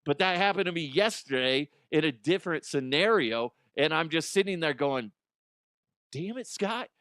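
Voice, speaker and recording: A man's voice: fairly high pitch, expressive, normal speed, pushed and bright, smooth, no room sound. Guy hosting a podcast, rambly and sweary, laughs at his own stories, dry sound. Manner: rambling, profane, often laughing at himself. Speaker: podcast host. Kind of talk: casual comedic chat.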